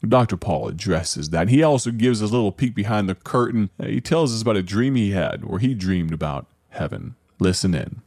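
Male broadcast host, low and dry, earnest and inviting. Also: expressive, fairly quick, few pauses, darkish tone, no room sound. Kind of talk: broadcast introduction.

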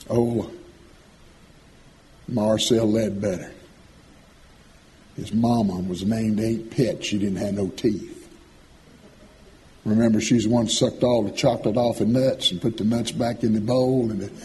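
A man preaching a sermon, folksy and animated, swinging from loud calls to soft asides. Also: mid-range voice, slight background noise.

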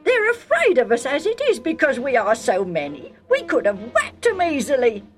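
A woman's voice: high voice, wildly swooping pitch, normal speed, faint music behind, pitched above the performer's own voice. A woman doing a grumbling, scrappy servant. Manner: complaining, boastful.

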